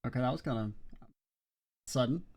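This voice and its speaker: A man commentating casually on a game he is playing, quiet and offhand. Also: mid-range voice, moderate pace. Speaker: let's play host.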